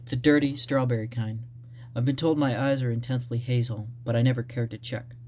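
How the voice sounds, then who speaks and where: A man's voice: mid-range voice, fairly even intonation, brisk, a little mellow, slight background noise, natural voice. A man reading aloud from his own draft as an aloof, uneducated Southern man of about thirty, in a plain first-person voice. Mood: offhand.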